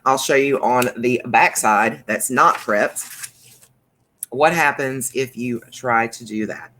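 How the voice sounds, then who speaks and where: Brief: female craft demo host, relaxed slow pace, chatty and full of fillers. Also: extremely low pitch, slight background noise. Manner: chatty, rambling, with many fillers and restarts. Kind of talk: casual crafting demonstration.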